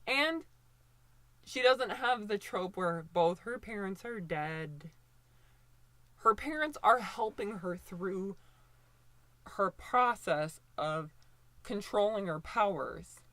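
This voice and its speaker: A woman's voice: medium pitch, expressive, measured pace, pauses often, fairly bright tone, dry recording. A woman in her twenties giving casual, opinionated commentary, rambling with lots of fillers and restarts. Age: 20s.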